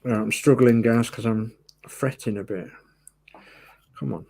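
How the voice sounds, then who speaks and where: A man talks his way through a model build, his voice rough and gravelly. He speaks slowly and casually, muttering asides to himself as he works. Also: medium pitch, mellow. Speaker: host of a model-building livestream. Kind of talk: casual chat while building.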